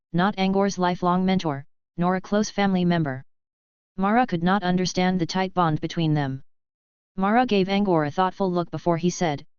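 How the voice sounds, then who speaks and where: A woman narrating an audiobook with a steady, even reading style. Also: fairly low pitch, clean tone, no room sound, dull audio. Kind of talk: scripted narration.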